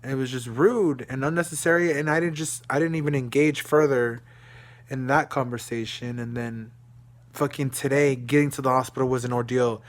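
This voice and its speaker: A young man from Dallas, Texas, records an emotional video diary in his room. He vents in an agitated, profane way, and at times his voice sinks to a low, weary murmur. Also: steady tone, moderate pace. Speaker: vlogger.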